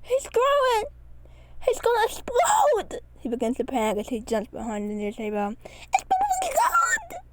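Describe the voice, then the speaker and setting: A woman voicing a round male puppy who panics easily and yells frantically. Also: fairly high pitch, level tone, fast, hardly any pauses, no echo, lightly acted. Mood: panicked. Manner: frantic, yelling.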